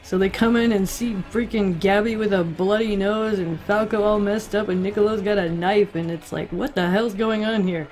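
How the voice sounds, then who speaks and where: A woman's voice: medium pitch, steady tone, moderate pace, hardly any pauses, darkish tone. Woman host, casual recap, wry and profane, faint music bed.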